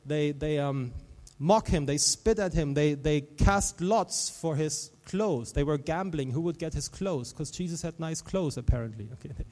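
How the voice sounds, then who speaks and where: A man preaching a sermon, his voice on the higher side for a man and carrying a long reverb through the hall. He delivers the sermon animatedly, swinging from quiet, hushed passages to loud, emphatic ones. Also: moderate pace, few pauses. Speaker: pastor.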